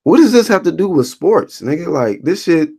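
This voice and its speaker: A man's voice: a little high, sing-song, normal speed, a little mellow, breathy edge. A man rambling through casual live-stream commentary, reading chat comments and reacting in an incredulous, profane way.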